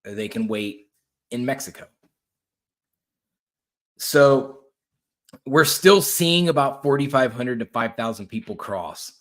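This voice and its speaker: A man's voice: mid-range voice, takes it slowly, pauses often. A middle-aged man hosting his own podcast, talking bluntly and ramblingly in casual political commentary, swearing freely. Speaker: podcast host.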